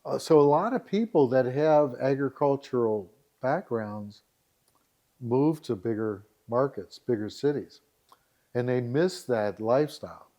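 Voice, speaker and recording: A man chatting as a podcast guest, animated and full of anecdotes. He laughs readily while he talks and drops into voices to quote people, with a mid-range pitch. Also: unhurried, dull audio. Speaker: founder of a rural dating site, podcast guest. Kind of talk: casual interview storytelling.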